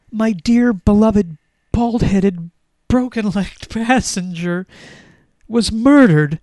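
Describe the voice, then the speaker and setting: A woman's voice: medium pitch, a little mellow, dry recording, voice pushed up. A woman reading aloud the diary of a grieving wheelchair, in a mock-tragic manner. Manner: mock-tragic, breaking into giggles. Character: grieving melodramatic wheelchair, lamenting.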